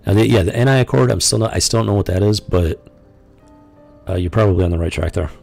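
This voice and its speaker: Low husky guy rambling thru stream commentary, lots of uhs, faint music under him. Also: fast, darkish tone. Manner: rambling, incredulous, with frequent fillers and laughs. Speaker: podcast host. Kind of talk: casual live-stream commentary.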